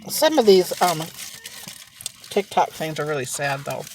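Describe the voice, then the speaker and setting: A woman's voice: deep voice, big pitch swings, unhurried, a little mellow, slight background noise. A woman vlogging while she eats, telling rambling gossipy stories in casual chat from inside a car. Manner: chatty gossipy storytelling, frequent laughs. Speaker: mukbang vlogger.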